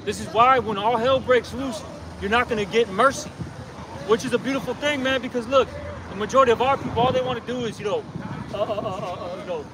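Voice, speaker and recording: Confrontational street preacher, man, very high voice, distant mic, heavy traffic noise behind. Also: fast. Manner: loud, confrontational, frequent "okay?" tag. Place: outdoors on a street.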